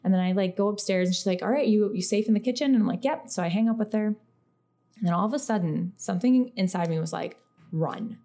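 A woman telling a story in a casual podcast chat, animated and full of "like", acting out what people said. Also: mid-range voice, fast talker. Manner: animated storyteller, heavy use of "like", acts out quoted speech. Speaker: podcast guest.

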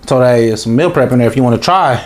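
A man's voice: medium pitch, racing. A man co-hosting a podcast in casual chat, rambling and joking, hesitating with many fillers. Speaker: podcast co-host.

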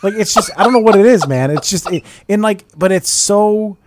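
A man's voice: sits high, expressive, a little fast, background noise. A man hosting a casual podcast, talking loosely and profanely with many restarts. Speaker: podcast host. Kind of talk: casual chat.

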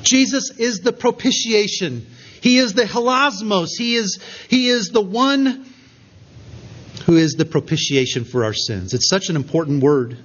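A man preaching an earnest expository sermon, slowing down with emphatic pauses on key points. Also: high voice, fairly bright tone, muffled recording. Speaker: pastor.

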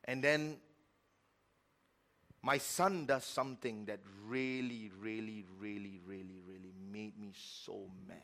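Bright-voiced man preaching with passion. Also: on the low side, slow pace. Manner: animated storytelling, swings from loud to quiet; repeats words for emphasis. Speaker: pastor. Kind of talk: sermon.

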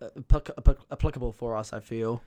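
A man's voice: mid-range voice, fairly even intonation, normal speed, mellow, dry recording, clean studio sound. Joking New man hosting a podcast. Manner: loose, joking, trails off with fillers. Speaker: podcast co-host. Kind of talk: casual podcast chat.

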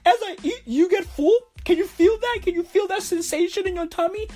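A greedy male tyrant gloats and teases in a high, drawn-out voice as a woman puts him on. The tone is smug and mocking throughout. Faint music sits behind him. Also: warm tone. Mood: smug taunting. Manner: taunting, drawn-out, teasing.

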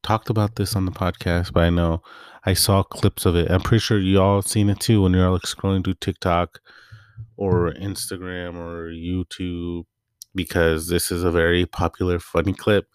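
A man's voice: sits low, level tone, normal speed, clear, resonant tone, no echo, clean studio sound. A man hosting a podcast, telling stories in a laid-back, rambling way full of fillers. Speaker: podcast host. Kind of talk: casual chat.

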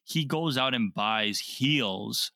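A man's voice: mid-range voice, slow pace, no echo. A man co-hosting a casual podcast chat, telling a story and acting out the quotes as he goes. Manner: storytelling, animated retelling with quoted voices. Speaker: podcast co-host.

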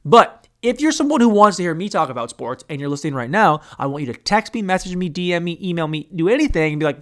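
A man's voice: fairly high pitch, big pitch swings, fast talker, hardly any pauses, a bit bright. A man hosting a casual podcast on his own, rambling crudely and mocking himself as he talks. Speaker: podcast host. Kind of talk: casual solo podcast monologue.

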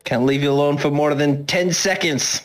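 A man's voice: on the high side, steady tone, moderate pace. A man playing in a tabletop game, talking casually and hesitantly with lots of ums. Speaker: player.

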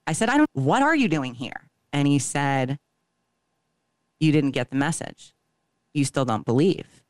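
A woman's voice: low voice, lively intonation, measured pace, no echo. A woman co-hosting a podcast, telling a long story in a casual, profane way and acting out each line of dialogue. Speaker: podcast co-host.

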